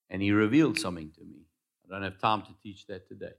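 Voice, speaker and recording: A man preaching a sermon as pastor, swinging between loud calls and quiet asides and having the congregation repeat phrases after him. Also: on the low side, quick pace, gravelly.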